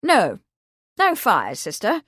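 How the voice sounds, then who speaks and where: A woman reading an audiobook, voicing a confident young gentleman who speaks in a measured, formal way. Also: mid-range voice, huge pitch swings, slightly rough, dry recording, clean studio sound, heavily acted. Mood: stiff.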